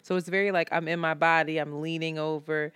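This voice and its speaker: A woman in her thirties co-hosting a casual podcast, telling animated stories, acting out friends' lines and laughing often. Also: sits low, a little fast, clean tone, dry recording. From Philadelphia. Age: 30s. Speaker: podcast co-host. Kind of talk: casual chat.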